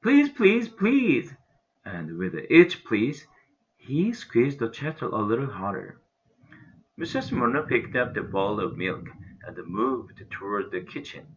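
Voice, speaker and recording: Expressive man reading a storybook. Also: fairly low pitch, unhurried, lo-fi sound. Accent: Korean. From Korea. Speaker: English teacher reading aloud. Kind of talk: reading a children's novel aloud.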